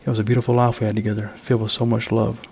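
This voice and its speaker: A man reading the lines of a dead wife in a story, speaking softly and tenderly. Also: fairly low pitch, flat delivery, rapid-fire, gravelly, a little hiss or hum. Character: grieving widow's late wife, gentle middle-aged woman.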